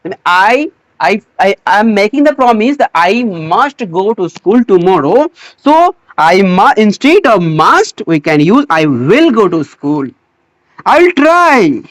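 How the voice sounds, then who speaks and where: A teacher giving a slow English grammar lesson, pausing, repeating words and restarting phrases as they explain. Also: medium pitch, very animated, dry recording. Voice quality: non-native English phrasing.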